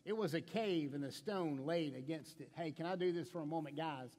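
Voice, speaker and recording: A man preaching a sermon as pastor, passionate and conversational, often dropping to a hushed tone and asking the congregation direct questions. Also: a little high, fairly quick, long reverb tail.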